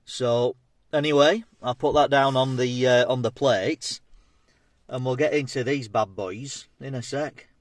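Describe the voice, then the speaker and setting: A man's voice: mid-range voice, unhurried, no room sound. A man, chatting casually as he tastes and reviews food on his vlog. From England. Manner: chatty, matey, talks between bites. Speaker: food vlogger.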